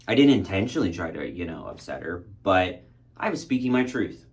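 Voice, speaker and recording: A man's voice: deep voice, sing-song, brisk. A man casually telling a candid, reflective personal story and acting out his own past thoughts. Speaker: spiritual content creator.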